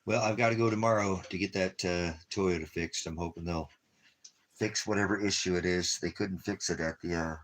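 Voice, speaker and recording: In a low, steady voice at a moderate pace, a ministry vlogger rambles casually about money and getting out of town. Every so often he turns to his dog and showers it with affectionate baby-talk.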